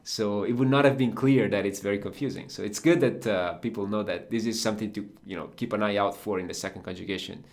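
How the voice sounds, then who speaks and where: Podcast teacher, Italian man with an Italian accent, lowish voice, patient explainer. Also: fast talker, few pauses. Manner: explanatory, with fillers and restarts. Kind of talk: casual language podcast lesson.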